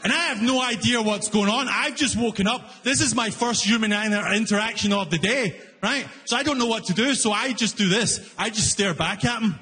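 A man's voice: sits high, a little fast, few pauses. A man performing a stand-up comedy set, telling a story animatedly and acting out both sides in raised voices, recorded live in a venue with audience laughter. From outside Canada, newly arrived. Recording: live hall reverb, faint room noise.

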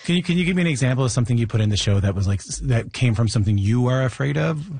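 Guy interviewing someone, quick talker, kinda husky, keeps restarting his questions, dry sound. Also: medium pitch, expressive, darkish tone, no echo. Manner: halting, restarts questions, many "like"s.

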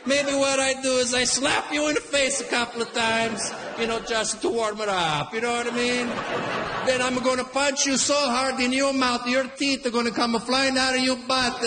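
A man's voice: very high-pitched, steady tone, normal speed, roomy sound, crowd noise, voice pushed up, low-quality recording. A man voicing his blustering older Italian immigrant father, with an Italian accent and broken English. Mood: menacing bluster.

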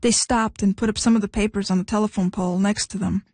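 A woman reading a short story aloud in steady, measured audiobook narration. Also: medium pitch, dry recording.

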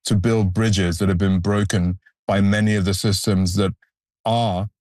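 A man's voice: low voice, steady tone, measured pace, darkish tone, no echo. A male photographer answering interview questions in an earnest, reflective way, stressing key points. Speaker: photographer, guest.

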